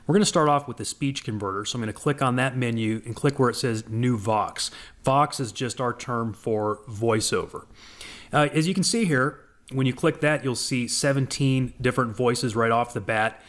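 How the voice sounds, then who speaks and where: A man walking through a software demo as a voice-over for a screen recording, in a relaxed, conversational way with frequent asides. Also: medium pitch, moderate pace. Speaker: software presenter.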